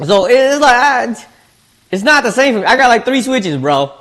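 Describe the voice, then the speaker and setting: A man's voice: very high voice, sing-song, normal speed, a bit bright. A man streaming, chatting casually while he eats, laid-back and slangy, often repeating his words. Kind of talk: casual chat while eating.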